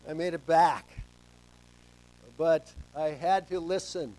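A middle-aged man preaching a sermon as pastor, telling stories and swinging between soft asides and loud emphasis. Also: on the high side, takes it slowly, poor audio.

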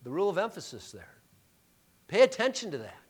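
High-voiced preacher swinging loud and soft. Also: male voice, huge pitch swings, a little fast, breathy edge. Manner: emphatic, rhetorical questions, swings from hushed to loud. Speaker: pastor. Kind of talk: sermon.

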